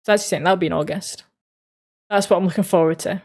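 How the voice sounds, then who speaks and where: A woman's voice: on the low side, steady tone, quick pace, darkish tone. An Australian woman streamer in casual chat, reading out and answering live chat messages in an easygoing way with frequent laughs.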